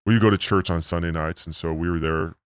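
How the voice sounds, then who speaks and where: Man with a deep, disguised voice. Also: fairly even intonation, fast talker, smooth, no room sound. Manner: earnest, rambling, full of "like" and "you know". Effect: pitch-altered voice disguise. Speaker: missionary guest. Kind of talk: casual storytelling interview.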